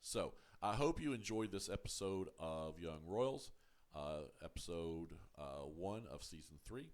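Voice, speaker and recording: Very deep-voiced man, halting reviewer. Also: lively intonation. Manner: halting, full of ums and uhs, restarts words; firm and defensive when answering critics. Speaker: show reviewer, channel host. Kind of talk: casual review commentary to camera.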